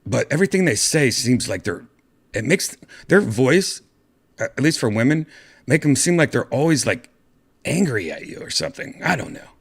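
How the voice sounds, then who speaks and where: A man's voice: medium pitch, big pitch swings, moderate pace, vocal fry, husky. A man hosting his own show, telling a rambling story and putting on voices for the people in it. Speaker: podcast host. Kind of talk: casual storytelling vlog.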